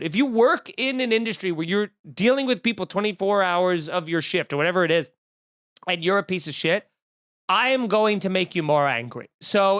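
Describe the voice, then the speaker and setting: A male comedian hosts his podcast, spinning a profane, snarky rant about a bad encounter. His voice is high and smooth, close to the mic in a dry room. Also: fairly bright tone, no room sound. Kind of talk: casual comedic storytelling.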